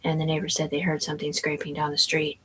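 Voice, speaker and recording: A woman's voice: sits low, monotone, fast, fairly bright tone, a little hiss or hum, rough recording. A woman telling a rambling story in casual chat, profane and meandering, full of fillers and restarts. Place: indoors at home.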